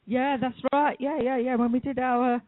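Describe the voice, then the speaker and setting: A woman guest with a high voice answers in a friendly, brisk way, agreeing readily. Her voice is narrow and phone-like, with no room echo at all. It has the sound of a call-in radio interview. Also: little pitch movement. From United Kingdom. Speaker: guest expert. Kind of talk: casual interview chat. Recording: dry, phone-like call audio.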